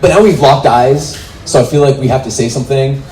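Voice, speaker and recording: Speaking fairly quickly in a mid-range voice, a twenty-something comedian does a stand-up set on a club stage. He animatedly performs the quoted voices in his stories, recorded in a roomy club with faint noise.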